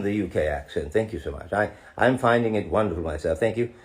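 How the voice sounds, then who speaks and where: A man with a deep, low-set voice chats through a live fan Q&A, reading messages aloud and answering them with easy, teasing humor. He drops in fond asides to the audience as he goes. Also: lively intonation, quick pace. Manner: playful, jokey, calls fans darling. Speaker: voice actor answering fan questions.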